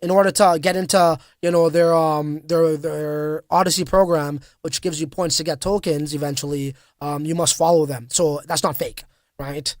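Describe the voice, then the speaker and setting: A man's voice: a little high, fairly even intonation, moderate pace, dry recording, clean studio sound. A man hosting a crypto livestream, chatting casually and reading viewer comments in a slangy, hyped-up way with lots of fillers. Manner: casual, slangy, hype-driven with frequent fillers.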